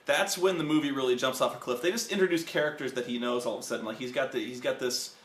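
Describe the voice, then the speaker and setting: A man's voice: mid-range voice, fast talker, echoey room, a little hiss or hum. Rambling profane man reviewing a film. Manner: rambling, profane, acts out movie scenes with loud yells. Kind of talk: casual review chat.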